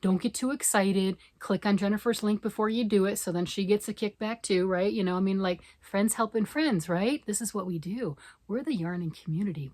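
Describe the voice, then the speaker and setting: A woman from Michigan, a yarn vlogger chatting excitedly and fast to camera, rambling off on tangents. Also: medium pitch, no echo. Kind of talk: casual chat to camera.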